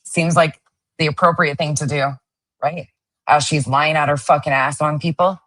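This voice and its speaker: A woman's voice: low-pitched, fairly even intonation, normal speed, fairly bright tone. A woman hosting a casual commentary show, reacting to stream clips in a sarcastic, profane and mocking way. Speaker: host.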